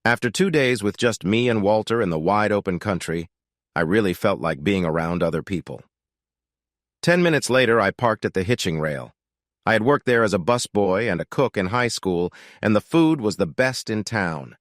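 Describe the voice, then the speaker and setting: A man narrating a first-person story in a steady, scripted way. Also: on the low side, moderate pace, no echo, clean studio sound.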